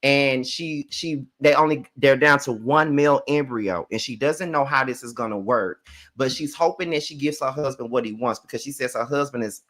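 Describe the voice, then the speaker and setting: A man giving a casual, profane recap of a TV episode, with lots of fillers and swings between loud outbursts and quiet asides. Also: medium pitch, normal speed. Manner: chatty and profane, with many fillers. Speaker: TV show reviewer.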